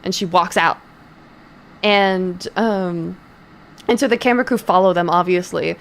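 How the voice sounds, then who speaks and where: A woman's voice: lowish voice, a little slow. A young woman streamer casually telling a rambling story to her chat, full of fillers and swearing. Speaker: streamer and voice actor.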